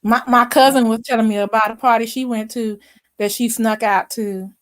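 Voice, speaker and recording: A woman's voice: fairly high pitch, moderate pace, dry recording. A middle-aged woman hosting a casual chat, telling stories and acting out what people said. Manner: animated storyteller, acts out quotes. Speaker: host.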